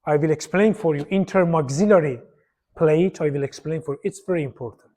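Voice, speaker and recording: Male lecturer, high voice, repeats key terms while pointing at slides. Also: fairly quick, dark tone. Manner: repetitive, pointing at slides, non-native phrasing. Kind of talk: university lecture.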